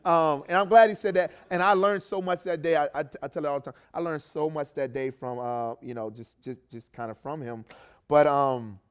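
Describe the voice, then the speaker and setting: A man's voice: fairly high pitch, moderate pace, clean tone. A man who coaches a youth ministry, giving a sermon testimony in a conversational way, full of restarts and tag questions. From not from Baltimore. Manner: conversational, many fillers and restarts, frequent "right?".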